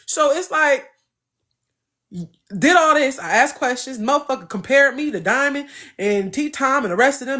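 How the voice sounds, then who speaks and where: High-pitched and at normal speed, a woman hosting a casual chat tells an animated story, slipping into mocking quoted voices and laughing frequently. She's the podcast host.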